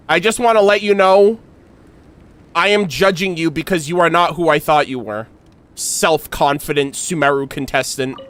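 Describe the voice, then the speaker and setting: A man streaming a game, reacting casually and reading dialogue aloud, excitable and quick to swear and laugh. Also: high voice.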